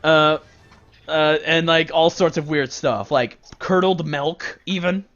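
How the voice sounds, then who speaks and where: Rambling game master over lo-fi chat. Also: male voice, on the high side, steady tone, slow, fairly bright tone. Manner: rambling, filler-heavy, casual. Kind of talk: narrating a tabletop game. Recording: dull lo-fi voice chat.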